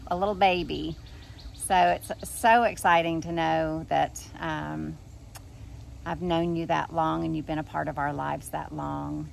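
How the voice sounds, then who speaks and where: A woman recording a birthday message for a friend, speaking haltingly with many pauses and fillers. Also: on the low side, vocal fry, a little hiss or hum. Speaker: friend giving birthday wishes.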